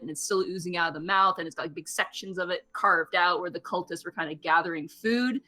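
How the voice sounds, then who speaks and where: A woman's voice: mid-range voice, sharp tone. A woman running a tabletop game as game master, narrating scenes in vivid detail and giggling at her own descriptions.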